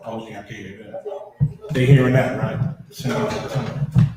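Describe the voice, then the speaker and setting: A man's voice: on the low side, fairly even intonation, takes it slowly, a crowd in the background. A man hosting a show, giving fervent, preacher-like commentary over video footage with blunt street slang. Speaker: podcast host. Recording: very echoey room.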